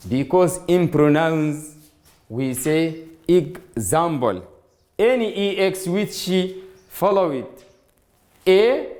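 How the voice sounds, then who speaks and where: Slow-speaking male English teacher. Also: a little high, darkish tone. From Sudan. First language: Arabic. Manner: slow, repetitive explaining, addresses students directly. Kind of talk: classroom grammar lesson.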